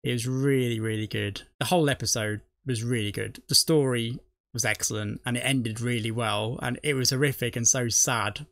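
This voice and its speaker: A man's voice: medium pitch, fairly even intonation, normal speed, gravelly, a bit bright, dry recording, clean studio sound. A man, the host of a reaction video, rambling chattily and laughing often. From not from the US. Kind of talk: casual chat.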